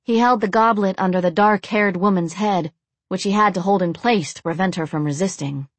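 A woman narrating a dark story in a steady, even reading voice. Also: mid-range voice, a little fast, dry recording.

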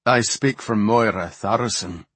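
A man voicing a wary male dark dwarf emissary with a raspy voice and curt, terse speech. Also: fairly low pitch, measured pace, no echo.

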